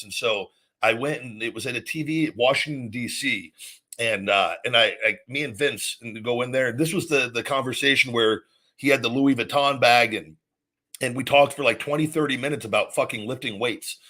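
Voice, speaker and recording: Bright-voiced man telling a rambling story. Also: medium pitch, a little fast. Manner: rambling, profane, repeats himself. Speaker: host. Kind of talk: casual storytelling.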